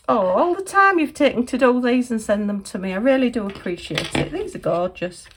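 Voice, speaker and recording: A woman's voice: fairly high pitch, lively intonation, a little fast, few pauses, breathy edge. A middle-aged woman chats through an unboxing at home, often exclaiming and thanking, heard through a camera mic. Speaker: crafting vlogger. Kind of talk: casual unboxing chat. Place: home room at a desk.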